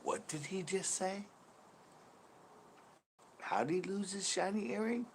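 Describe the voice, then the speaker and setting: A man in his fifties hosting his channel, telling a story in casual chat, animated, laughing often and cursing freely. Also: high voice, slow, a little hiss or hum. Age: 50s. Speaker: host.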